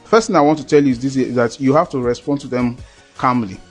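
A man's voice: mid-range voice, fast talker, faint music behind. A man preaching a sermon in an earnest, repetitive way, often checking that listeners understand.

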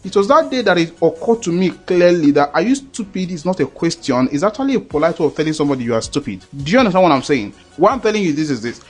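A man's voice: fairly high pitch, very animated, quick pace, few pauses, breathy edge, faint music behind. A man preaching a sermon in an earnest, repetitive way, often checking that listeners understand.

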